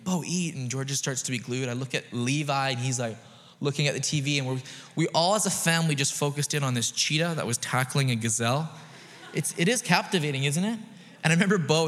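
A man's voice: medium pitch, fairly bright tone. Youngish pastor guy preaching, chatty storytelling, big hall echo. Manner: conversational and storytelling, with playful asides to the congregation. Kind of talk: sermon. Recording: long reverb of a large hall.

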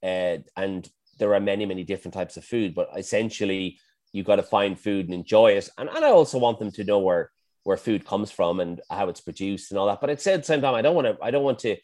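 A man's voice: lowish voice, lively intonation, brisk, a little mellow. A middle-aged man, a chef, talking casually and self-effacingly in an interview, often restarting his sentences. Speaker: chef and guest.

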